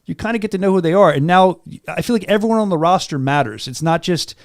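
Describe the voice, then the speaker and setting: A man hosts a combat sports show from a studio, talking fast and eagerly. He tells stories and repeats words as he goes. His voice sits somewhat high, and the sound is close and dry. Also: expressive, creaky, no echo. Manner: enthusiastic, storytelling, repeats words. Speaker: podcast host. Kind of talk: casual studio chat.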